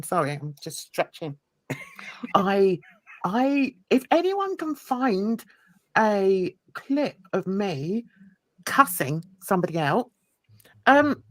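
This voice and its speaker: A woman's voice: fairly high pitch, dry recording. Sarcastic laughing woman host. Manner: mocking, laughing, sarcastic asides. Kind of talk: casual chat reacting to clips.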